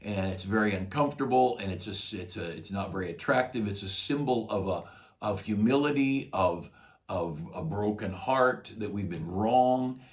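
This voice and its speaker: A man's voice: fairly low pitch, normal speed. An older man, a pastor, retelling a Bible story in a folksy, conversational devotional talk.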